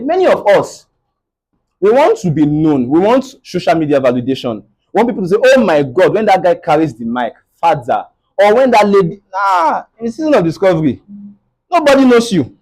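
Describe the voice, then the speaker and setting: Here a young Nigerian man, accent Nigerian English, motivates a live audience with a faith-based talk in the style of a preacher, frequently asking "right?" His voice is high-pitched and sing-song at normal speed, with a darkish tone, captured in low quality.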